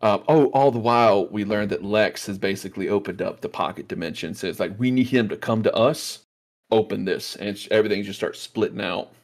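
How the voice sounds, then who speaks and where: A man hosting a casual movie review chat, excitedly retelling scenes with lots of fillers and acted-out quotes. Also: lowish voice, brisk. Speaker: podcast host.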